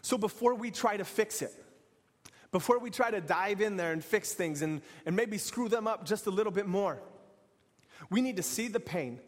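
A man's voice: high voice, expressive, moderate pace, long reverb tail. A man preaching an earnest sermon in repeated, building phrases. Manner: earnest, repetitive, building to exhortation.

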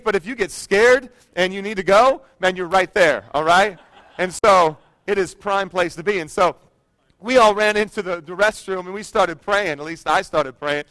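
A man's voice: sits high, a bit bright, dry recording. A man preaching a sermon to his church, chatty and humorous, telling personal stories. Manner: conversational storytelling with humor. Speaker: pastor.

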